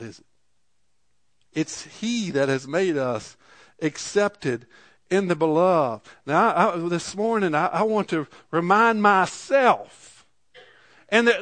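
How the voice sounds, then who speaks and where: A middle-aged man preaches from the pulpit, his voice sitting a little high for a man. He tells his story earnestly and builds to a fervent close. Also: sing-song, a little slow, a bit bright. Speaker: pastor. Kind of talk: sermon.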